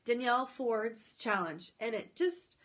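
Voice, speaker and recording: Brief: woman, high voice, chatty livestream host, greets viewers, excitable and scattered. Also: unhurried. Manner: excitable, often breaks off mid-sentence. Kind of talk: casual live chat. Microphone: phone or tablet.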